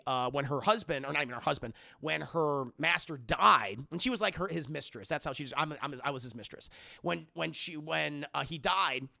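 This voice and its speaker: A man's voice: a little high, creaky, pushed and bright, no room sound, studio quality. A man streaming live, casually retelling a film's plot in a rambling, profane way, talking to his chat and acting out lines. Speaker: streamer reviewing a movie.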